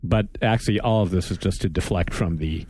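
With no room sound on the recording, a man's low, a little mellow voice comes through fairly quickly as he hosts a casual gaming podcast. His chat is wry and rambling, broken up by frequent self-interruptions and restarts.

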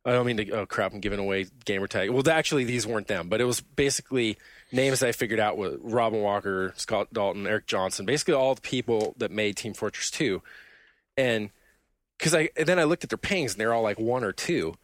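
A young man hosting a casual gaming podcast, telling animated stories and acting out quotes, with the odd swear word. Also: lowish voice, a little fast, no room sound. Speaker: podcast host. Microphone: headset.

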